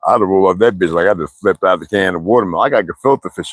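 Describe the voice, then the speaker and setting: A man's voice: low-pitched, very fast, no echo. A man livestreaming casual, rambling chat, cursing often and laughing between stories.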